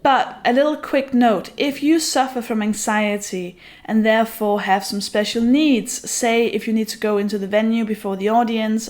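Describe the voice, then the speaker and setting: A woman comedian giving a casual, relaxed spoken message, pausing with fillers. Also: medium pitch. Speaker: podcast co-host and comedian. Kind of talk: casual announcement.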